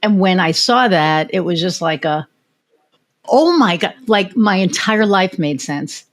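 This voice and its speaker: Casting note: American woman, podcast host, frank storyteller who curses freely, slightly low voice. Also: unhurried. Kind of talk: casual interview chat.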